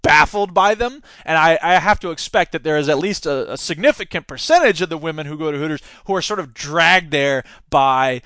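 A man with a high voice hosts a podcast in casual, sarcastic commentary. He laughs often as he talks. His voice is recorded close and dry, with almost no room sound. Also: a little fast, few pauses, bright, forceful tone, smooth, dry recording. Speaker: podcast host; teacher.

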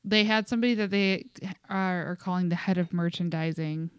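A woman's voice: fairly low pitch, fairly quick, clear, resonant tone, dry recording, studio quality. A young adult woman co-hosting a podcast in casual chat, talking loosely with lots of fillers and acting out quotes. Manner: chatty, many "like" fillers, acts out quotes. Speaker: podcast co-host.

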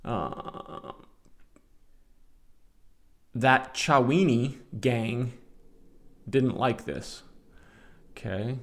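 A man's voice: mid-range voice, drawn-out words, long pauses, a bit bright. A man in his forties hosting a casual solo podcast, reading out comments and adding sarcastic commentary. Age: 40s. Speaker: podcast host.

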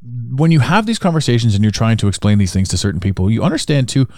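A man's voice: mid-range voice, lively intonation, fast, a little mellow, no room sound, clean studio sound. A man with a Canadian accent hosting a solo podcast, talking in a rambling, repetitive way that circles back on his points. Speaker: podcast host.

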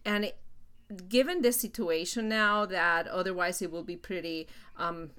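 A middle-aged mother sits in on her daughter's podcast and chats casually. Her voice is bright and ringing, and she stops and restarts her sentences often, laughing between thoughts. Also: fairly low pitch, fairly even intonation, moderate pace, clean tone. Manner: hesitant, laughing, many restarts. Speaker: guest parent.

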